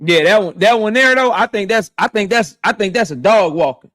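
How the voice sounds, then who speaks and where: A man's voice: high-pitched, lively intonation, brisk, fairly bright tone. A man hosting a boxing live stream, reading chat and riffing loosely with lots of profanity and slang. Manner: loose, profane, trash-talking, reads chat aloud. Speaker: boxing channel host.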